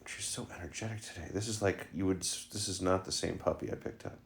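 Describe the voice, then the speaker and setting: A man with a low, gravelly voice talks casually at home in a home vlog. He jokes as he goes and slips into cooing baby talk with his puppy. His speech is loose and chatty. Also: quick pace. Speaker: vlogger and dog owner.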